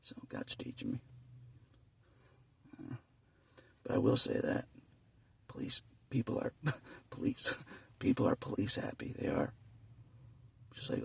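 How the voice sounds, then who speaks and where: A man's voice: fairly low pitch, huge pitch swings, measured pace, gravelly, long pauses, breathy edge, recorded from a distance. A man vlogging in a rambling, casual monologue, chuckling often between phrases and repeating himself.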